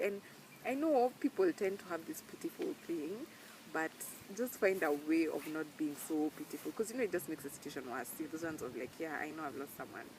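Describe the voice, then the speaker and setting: A young vlogger with a Kenyan accent, her voice lowish and a little mellow, addresses the camera earnestly and emphatically in a casual, heartfelt way, using Swahili slang words. The audio is poor, with slight background noise.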